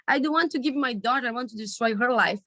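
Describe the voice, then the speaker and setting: A woman's voice: on the high side, fairly quick, bright, forceful tone, no echo. A woman doing a desperate pleading merchant. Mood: pleading distraught. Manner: pleading and distraught. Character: desperate middle-aged male merchant, a father.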